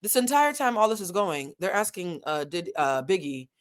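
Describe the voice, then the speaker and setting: A woman's voice: on the low side, big pitch swings, normal speed. A woman hosting a casual commentary vlog, talking animatedly and with lots of profanity, addressing her viewers directly. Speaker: host.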